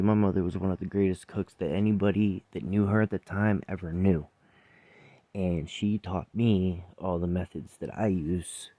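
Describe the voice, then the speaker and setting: A man's voice: sits low, dark tone, no room sound. A man who works as a chef, telling a personal story in a blunt, profane, rambling way, with laughs.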